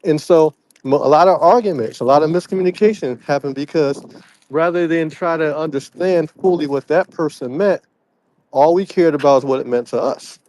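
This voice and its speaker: A man's voice: fairly high pitch, normal speed, a little mellow. A man co-hosting a casual podcast, filling his speech with "like" and "you know" and laughing easily as he talks. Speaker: podcast co-host. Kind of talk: casual conversational podcast chat.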